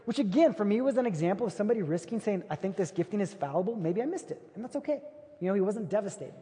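A man with a notably high voice preaches to a big church crowd, spinning a story in a chatty, animated way. His words ring out with a long hall echo behind them. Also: racing. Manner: conversational, animated retelling. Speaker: pastor. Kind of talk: sermon with storytelling. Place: large church auditorium.

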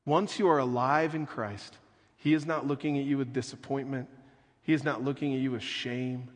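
A man preaching a sermon as pastor, speaking slowly and earnestly, often dropping to a soft, quiet delivery for emphasis. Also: medium pitch, steady tone, in a large hall. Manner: slow, earnest preaching with soft dramatic drops.

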